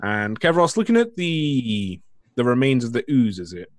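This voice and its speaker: A man's voice: mid-range voice, big pitch swings, normal speed, no room sound, clean studio sound. A man narrating as game master of a tabletop game, often repeating words as he describes the scene.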